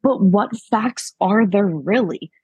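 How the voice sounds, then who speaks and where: Husky-voiced Pennsylvania mom, candid and rambling. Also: female voice, medium pitch, takes it slowly, mellow, no echo. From Pennsylvania, USA. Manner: candid, rambling with many fillers. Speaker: podcast guest. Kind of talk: casual interview.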